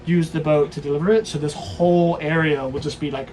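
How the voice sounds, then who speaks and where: Eager young man, busy background chatter. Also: a little high. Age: 20s. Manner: eager, excitable, quick restarts. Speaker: guest giving a boat tour. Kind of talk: casual tour chat. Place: aboard a sailboat.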